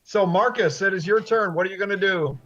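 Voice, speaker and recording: A man's voice: high voice, fairly quick, a bit bright, lo-fi sound. A man running a tabletop game as dungeon master, upbeat and encouraging as he rules on checks over voice chat.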